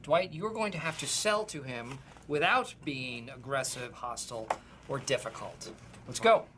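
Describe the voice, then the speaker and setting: An actor playing a self-important, overeager office boss in a sitcom. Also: male voice, mid-range voice, expressive, measured pace, noisy background, natural voice. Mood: pompous. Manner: pompous, overeager. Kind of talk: sitcom acting.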